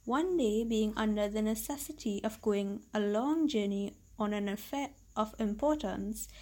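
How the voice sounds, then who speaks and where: A woman who hosts a story podcast, reading a classic tale aloud in a measured, steady way. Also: on the high side, low-quality recording. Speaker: story reader.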